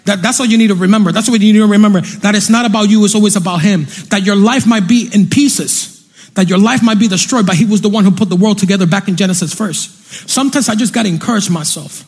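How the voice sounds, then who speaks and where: A man preaching a fervent, repetitive sermon from a church stage, breaking into sung and shouted lines. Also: sits high, fast, slightly rough.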